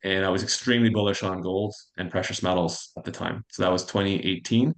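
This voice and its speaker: Man, forties, interview guest, very low voice, brisk, self-assured storytelling. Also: fairly even intonation. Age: 40s. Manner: fast, anecdotal and self-assured. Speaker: fund manager guest.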